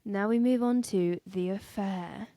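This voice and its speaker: A woman's voice: mid-range voice, measured pace, dark tone, no echo. A woman co-hosting a casual history podcast, teasing her partner, laughing often and stumbling over names as she tells the story. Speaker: podcast co-host.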